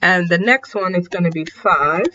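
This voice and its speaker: A woman's voice: on the low side, normal speed, sharp tone, lo-fi sound, slight background noise. A woman math teacher talking through a recorded lesson in a casual way, tired and yawning, often correcting herself and saying sorry. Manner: casual, self-correcting, apologetic asides.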